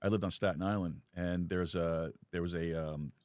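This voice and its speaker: A man's voice: deep voice, steady tone, normal speed, a little mellow. A man from New York hosting an interview show, speaking in a friendly, encouraging way. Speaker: host. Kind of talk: casual interview conversation.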